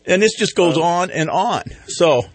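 Rambling, husky-voiced radio host man. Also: high-pitched, animated, measured pace, no echo. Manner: rambling, self-mocking, lots of fillers. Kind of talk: casual morning radio banter.

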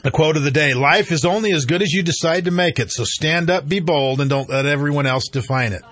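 A man hosting a casual talk radio show from a studio, chatty and quick to laugh, with lots of fillers. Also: fairly high pitch, a bit bright, no room sound. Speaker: radio host. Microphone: studio mic.

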